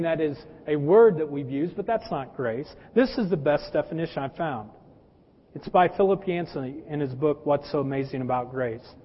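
A man with a notably high voice preaches to his church in an easygoing, folksy way, talking to the congregation as folks and using homely stories. The recording is dull and lo-fi, with a long reverb trailing through the sanctuary. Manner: folksy, addresses listeners as folks; personal anecdotes and humor. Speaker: pastor. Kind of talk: conversational sermon.

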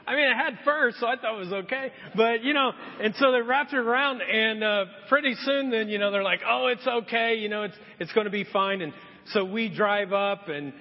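Animated male pastor in a reverberant hall. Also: high-pitched, a little fast. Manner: animated storyteller acting out voices. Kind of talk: sermon storytelling. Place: church hall. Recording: muffled sound with long hall reverb.

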